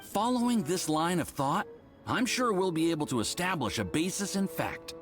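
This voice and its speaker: A man's voice: fairly high pitch, expressive, moderate pace, close to an everyday voice. A man voicing an eager, polite young male research assistant in a game. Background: faint game music.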